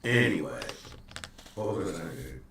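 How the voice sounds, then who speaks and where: A man's voice: low-pitched, very animated, normal speed. A man hosting a casual rambling chat, loose and joking. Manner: loose, joking, self-deprecating. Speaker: video host. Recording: echoey room with faint noise.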